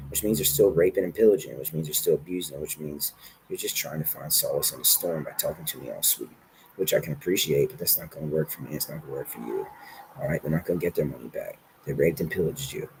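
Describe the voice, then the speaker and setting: A man's voice: a bass voice, fast talker, background noise. A man talking in a rambling, commanding monologue, giving orders and swearing.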